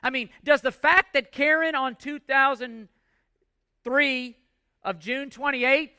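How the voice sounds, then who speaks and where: Pastor, male, 40s, high bright voice, emphatic sermon delivery with rhetorical questions, dry close sound. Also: steady tone, slow pace, dry recording.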